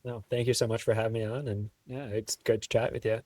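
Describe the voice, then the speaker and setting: A man's voice: fairly low pitch, level tone, fast, a little mellow, distant mic. A man talking as a podcast guest, telling stories in an easygoing way and laughing often. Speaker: guest, trail runner. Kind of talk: casual interview chat.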